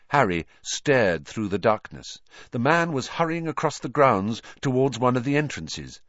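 A man's voice: medium pitch, big pitch swings, a little slow, a bit bright, no room sound, dull audio. A man narrating an audiobook, reading expressively and voicing the characters.

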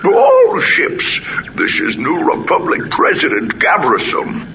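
Tense leader on comm, very high shouted voice, slow drawn words, lo-fi noisy recording. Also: male voice, exaggerated voice. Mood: pleading. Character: male head of state, urgent, pleading over a comm. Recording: dull lo-fi with steady noise.

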